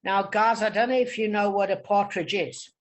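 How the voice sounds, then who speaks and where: Man, higher-pitched voice, leads a relaxed study group over a video call and pauses to check understanding. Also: slight background noise, low-quality recording. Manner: explains patiently, checks in with "okay?". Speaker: Talmud study leader. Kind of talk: informal online study group.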